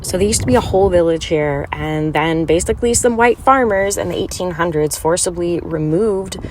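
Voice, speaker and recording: A woman's voice: on the low side, moderate pace, a little hiss or hum. A woman chatting through a casual travel vlog in an enthusiastic, chatty way. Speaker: travel vlogger.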